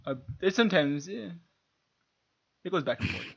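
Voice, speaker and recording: A man co-hosting a podcast in casual chat, talking excitably, swearing often and laughing a lot. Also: a little high, normal speed, gravelly, husky. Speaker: podcast co-host.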